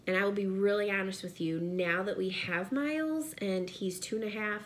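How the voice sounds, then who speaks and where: A woman's voice: mid-range voice, normal speed, a little hiss or hum. A pregnant woman, talking earnestly and directly to viewers in a casual vlog from her home office. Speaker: vlogger and direct sales seller.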